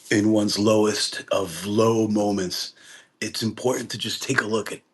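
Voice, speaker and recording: A man's voice: lowish voice, a bit bright, husky. A man hosting a live gratitude talk, rambling and casual, with frequent restarts. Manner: rambling, with many restarts and laughs. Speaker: host of a gratitude workshop.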